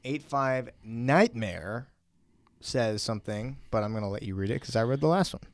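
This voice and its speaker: A man's voice: mid-range voice, expressive, no room sound. Guy with a medium voice reading questions, upbeat, kinda teasing, dry sound. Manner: upbeat and teasing, quick to move things along. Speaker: co-host reading viewer questions. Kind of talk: casual tech Q&A chat.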